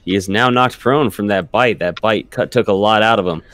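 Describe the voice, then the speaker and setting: A man acting as dungeon master, narrating a casual tabletop game in a relaxed way and laughing often. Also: fairly low pitch, normal speed, background noise.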